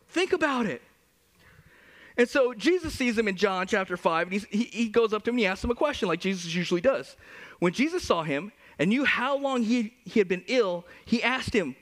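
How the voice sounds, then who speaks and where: A man in his forties preaching in a high, very animated voice that rises and falls with each point. He tells stories with humor and energy, putting on voices along the way. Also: normal speed. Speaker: pastor. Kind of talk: sermon. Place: church.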